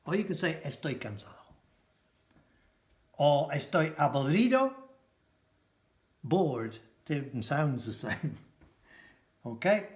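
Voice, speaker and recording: A man teaching a casual language lesson, repeating each phrase slowly and translating it. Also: fairly high pitch, very animated, reverberant. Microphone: camera mic.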